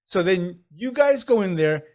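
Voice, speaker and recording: A man narrating a tabletop role-playing game as game master, animated and laughing often as he describes the action. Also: high-pitched, unhurried.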